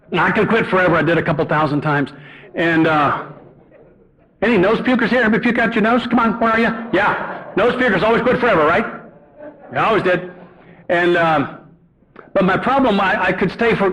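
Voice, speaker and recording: A man's voice: on the high side, fairly bright tone. A middle-aged man giving a personal testimony at a recovery meeting, earnest and confessional, bantering with the audience in the room. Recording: dull lo-fi tape recording.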